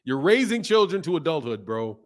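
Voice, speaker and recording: Here a high-voiced man who hosts a boxing channel goes a little fast on an informal livestream. He voices viewer comments and fires back bluntly, swearing, laughing, and adding animated asides.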